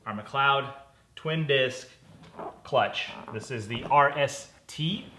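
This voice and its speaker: Man, vlog host, casual unboxing chat, upbeat, bright voice, echoey room. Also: medium pitch, slow pace, slight background noise. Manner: chatty, upbeat, self-correcting. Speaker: car channel host.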